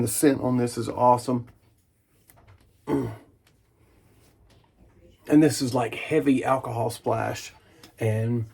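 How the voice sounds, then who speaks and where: A man in his thirties hosting a casual shaving vlog at his bathroom sink, relaxed and enthusiastic, humming in approval. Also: mid-range voice, gravelly. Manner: relaxed, enthusiastic, chatty with small hums of approval. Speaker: wet shaving channel host. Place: home bathroom at the sink, indoors.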